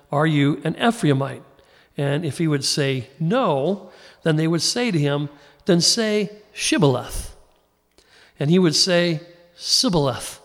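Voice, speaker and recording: Male pastor, conversational sermon, folksy and informal, slightly high voice. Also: long reverb tail. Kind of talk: conversational Bible teaching sermon.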